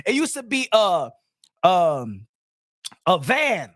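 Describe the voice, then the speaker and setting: A man hosting a boxing livestream, loud and joking, switching between languages while reading super chats. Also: high-pitched, wildly swooping pitch, slow pace, no room sound, clean studio sound. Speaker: boxing show host.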